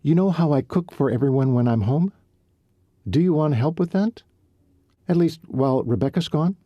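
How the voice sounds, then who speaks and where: A man's voice: moderate pace, dry recording, lo-fi sound. Man voicing a young Texas woman. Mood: eager. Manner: raised, lively pitch for her dialogue. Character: young woman from Texas, earnest, eager to help.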